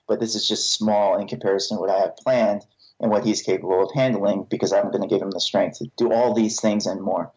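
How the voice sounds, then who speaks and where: Frank, low-voiced man sharing his story. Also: darkish tone, lo-fi sound. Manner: frank, earnest and self-deprecating. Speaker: podcast guest. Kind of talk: candid personal testimony.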